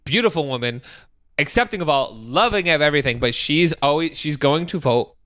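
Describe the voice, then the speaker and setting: A young man co-hosts a podcast, telling stories with a lively, swooping voice. His tone is bright and clear, and his pitch sits a touch high. He acts out the people he quotes in high squeals. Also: brisk. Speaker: podcast co-host. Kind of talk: casual chat.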